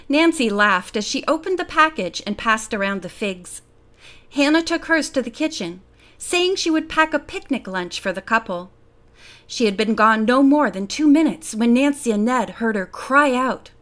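A woman narrating a mystery novel as an audiobook, telling the story in an expressive, lively way. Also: a little high, normal speed.

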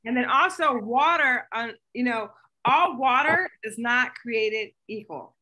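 A high, bright woman's voice coaching a group over a video call. She is upbeat and encouraging and throws in quick asides as she goes. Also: animated, slight background noise.

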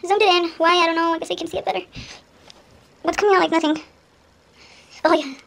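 A woman, speaking to the camera in a casual vlog. Her voice sits very high, and she keeps exclaiming and talking to herself nervously. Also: fairly even intonation, quick pace, vocal fry, fairly bright tone. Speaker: vlogger.

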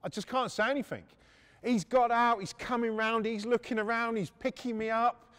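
A man telling crude, animated stories on a podcast, acting out moments with gasps and shouts. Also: very high-pitched, normal speed, clean tone. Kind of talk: casual storytelling.

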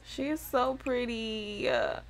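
A woman's voice: on the high side, big pitch swings, takes it slowly. A woman hosting a life-simulation game let's play, giving playful, slangy running commentary as she plays. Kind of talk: casual gameplay commentary. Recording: game music playing underneath.

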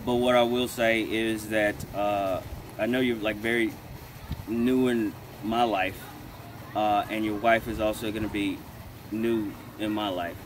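A young man with a lowish voice works his way through a wedding toast, hesitating and restarting often. He is recorded outdoors with background noise. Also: fairly even intonation, unhurried. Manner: hesitant, many fillers and restarts. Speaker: wedding guest giving a toast. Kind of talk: halting casual toast.

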